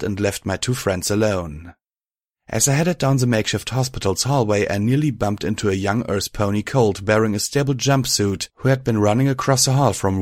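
A man reading fan fiction aloud as an audiobook narrator in a steady storytelling manner. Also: lowish voice, no room sound, clean studio sound.

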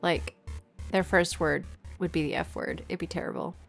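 A woman's voice: lowish voice, fairly even intonation, normal speed, vocal fry, soft background music. A woman reading fairy tales aloud as host, breaking off into sarcastic, mock-exasperated commentary. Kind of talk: comic storytelling reading with running commentary.

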